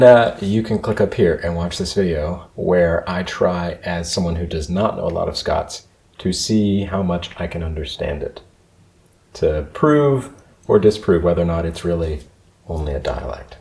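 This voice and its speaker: A man with a very deep voice hosts a casual reaction video. He muses aloud, trails off with fillers and repeats words to test how they sound. The room around him rings with echo. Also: creaky, a little mellow. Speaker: channel host reacting to a video.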